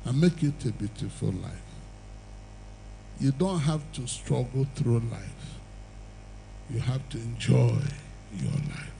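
A man's voice: mid-range voice, gravelly, dark tone, a little hiss or hum, poor audio. An older man preaching an evangelistic sermon and altar call, with emphatic, repetitive exhortation and the odd chuckle.

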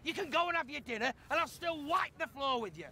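An actor playing an enraged, foul-mouthed football coach in a shouted half-time tirade. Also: male voice, very high voice, expressive, fast, gravelly, a little hiss or hum, full character voice. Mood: furious. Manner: furious, abusive, shouting tirade. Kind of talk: film acting.

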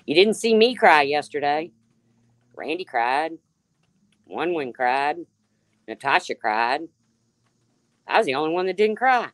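Woman with a low voice ranting on her live stream, snarky, talking back to chat, dry close sound. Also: big pitch swings, a little slow, pauses often, dry recording. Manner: sarcastic, calling out a rival, answering chat by name. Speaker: livestream host. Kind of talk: confrontational livestream rant.

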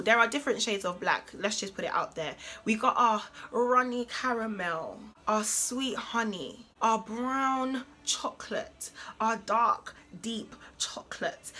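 A woman's voice: on the high side, lively intonation, moderate pace, few pauses, bright, forceful tone. A young adult woman vlogging to camera in a casual, emphatic, preachy way. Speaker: beauty vlogger.

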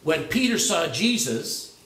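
Male pastor with a high voice in an echoing church. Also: big pitch swings, slow, a bit bright. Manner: conversational, searching, frequent restarts and fillers. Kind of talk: sermon. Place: church sanctuary. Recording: echoey church room.

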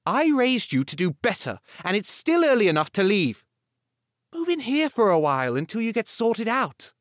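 A man's voice: high-pitched, huge pitch swings, moderate pace, no echo, studio quality, pitched above the performer's own voice. A British male audiobook narrator voicing a snobbish, meddling elderly mother, prim and cutting, in an audiobook scene.

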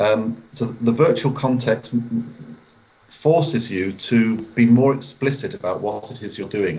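A man being interviewed as a guest author over a video call, explaining in a measured way and acting out example phrases. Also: fairly low pitch, darkish tone, poor audio. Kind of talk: interview answers. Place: hotel room.

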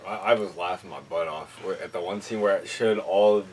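A man's voice: sits low, a little fast, darkish tone, slight background noise, poor audio. A man in casual chat who chimes in with short, laid-back remarks.

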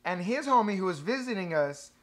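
Animated swearing young man telling stories. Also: high-pitched, fairly quick. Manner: animated storyteller, swears a lot, acts out quotes. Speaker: podcast co-host, band member. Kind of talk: casual podcast chat.

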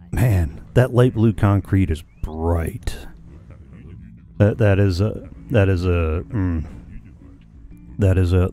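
A man's voice: sits low, warm tone. A man chatting casually with his live-stream viewers while he plays, musing aloud and hesitating with frequent ums and restarts.

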